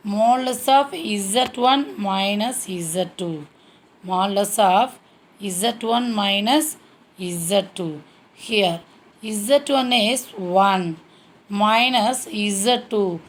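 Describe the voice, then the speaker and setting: Lady teacher going thru a maths sum real slow, faint hiss behind. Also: mid-range voice. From India. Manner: slow, step-by-step explaining with frequent "okay" checks. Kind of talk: classroom maths lesson.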